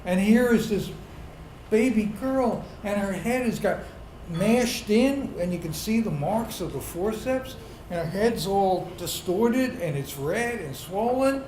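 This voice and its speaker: A middle-aged man telling a comic personal story on a pub stage to a live audience, building to loud indignant outbursts. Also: sits high, expressive, slow, reverberant, a little hiss or hum, poor audio.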